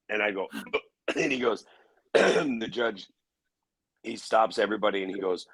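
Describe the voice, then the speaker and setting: A man telling a personal story in an interview, halting with restarts and fillers. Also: on the low side, fairly even intonation, fairly bright tone, no room sound, low-quality recording. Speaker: interview guest.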